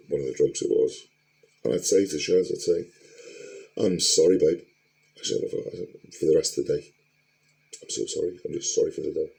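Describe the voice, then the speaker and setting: A man's voice: very deep voice, creaky, dark tone, low-quality recording. A middle-aged man, talking candidly to camera in a rambling, blunt way and swearing often. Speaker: vlogger. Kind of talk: candid personal vlog.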